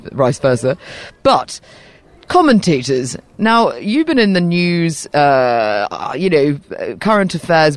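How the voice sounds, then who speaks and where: A woman with a posh English accent hosting a podcast, teasing her guest in casual chat outdoors at a tennis venue. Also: deep voice. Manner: playful, teasing, animated. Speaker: podcast host. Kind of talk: casual chat interview on site.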